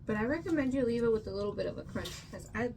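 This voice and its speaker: A woman chatting casually while tasting a meal, relaxed and agreeable, often murmuring along. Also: a little high, rapid-fire, vocal fry, a little hiss or hum. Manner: relaxed, agreeable, lots of mm-hmms. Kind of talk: casual chat.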